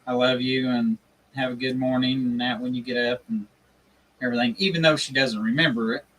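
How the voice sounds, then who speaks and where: Relaxed man reading viewer comments. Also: mid-range voice, fairly quick, recorded from a distance, low-quality recording. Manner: relaxed, reads comments aloud. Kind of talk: casual chat.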